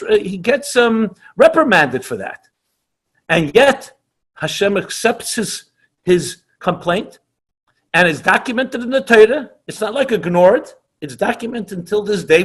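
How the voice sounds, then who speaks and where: A man's voice: high voice, a bit bright, slightly rough. A middle-aged man, a rabbi, teaching teens in an online class and answering questions, speaking with passion and emphasis and sprinkling in Hebrew and Yiddish terms. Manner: passionate, emphatic, repeats himself.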